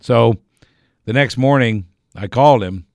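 On a radio program, a middle-aged man tells a rambling, casual anecdote, correcting himself and chuckling as he goes. His medium-pitched voice is unhurried and gravelly, recorded dry.

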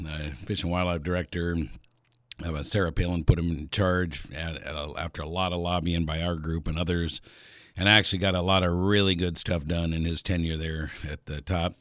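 A man's voice: low voice, fairly bright tone, no room sound, clean studio sound. A man hosting an outdoor radio show, talking casually with lots of fillers and chuckles, rambling and telling jokes. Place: radio studio.

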